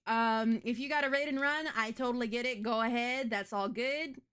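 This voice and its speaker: A woman's voice: on the high side, steady tone, moderate pace, fairly bright tone, clear, resonant tone. A young adult woman streaming as a VTuber, chatting casually in a crude, blunt, self-mocking way. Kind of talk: casual live-stream chat.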